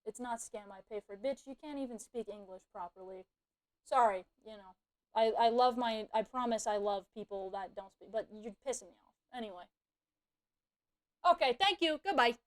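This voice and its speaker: A woman's voice: mid-range voice, brisk, a little mellow. Profane rambling young woman streamer. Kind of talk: casual livestream chat.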